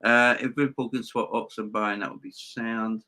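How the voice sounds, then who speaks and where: A man's voice: medium pitch, fairly even intonation, moderate pace, sharp tone. A man hosting a football fan live stream, reading viewer comments. He talks emphatically, repeats his points and calls his viewers "guys". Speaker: host of a football fan channel.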